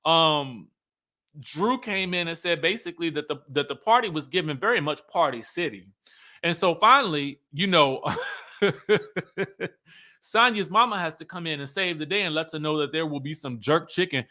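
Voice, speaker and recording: A chatty man gives a casual commentary recapping a reality show. His voice sits high and sounds bright and forceful. He is animated throughout and keeps acting out the quotes. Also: normal speed. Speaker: YouTube host.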